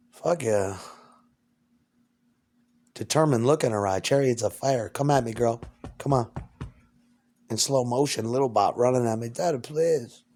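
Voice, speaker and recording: Man, mid-pitched, at home: loose, profane, rambling solo talk. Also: a little mellow. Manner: profane, stream-of-consciousness rambling. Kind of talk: rambling monologue.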